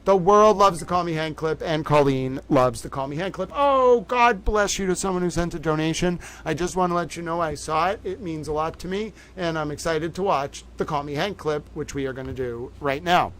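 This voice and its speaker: A man's voice: a little high, a little fast, hardly any pauses, a bit bright, low-quality recording. A man hosting a livestream in a playful, theatrical showman manner, chatting to viewers. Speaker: livestream host. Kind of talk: animated livestream chat.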